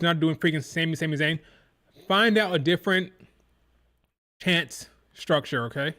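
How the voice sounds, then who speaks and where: A man's voice: a little high, normal speed, pushed and bright. A man hosting a live wrestling watch-along, chatting casually and mimicking crowd chants in a sing-song rhythm. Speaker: live stream reaction host.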